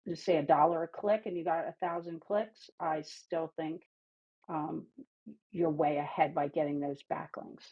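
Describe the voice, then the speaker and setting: A woman speaking as a podcast guest in a casual panel chat, opinionated with lively asides and a slight lisp from teeth whitening strips. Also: deep voice, slightly rough, dull audio.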